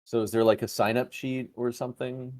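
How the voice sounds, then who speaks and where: A man playing a tabletop game, calmly describing his character's actions in an unhurried way. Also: mid-range voice. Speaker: player.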